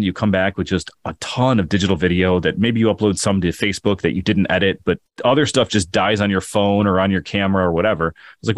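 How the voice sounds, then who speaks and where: Fast, lively low-voiced man hosting. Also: no room sound. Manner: enthusiastic, rambling storyteller. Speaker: podcast host. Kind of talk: casual podcast chat.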